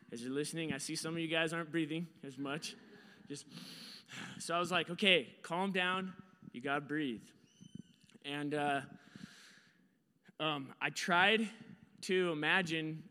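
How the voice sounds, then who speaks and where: A man with a slightly high voice delivers a storytelling sermon, swinging from hushed asides to acted-out shouts. His voice rings with the long reverb of a large church hall. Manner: animated storyteller, acts out his own panicked shouts. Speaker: preacher.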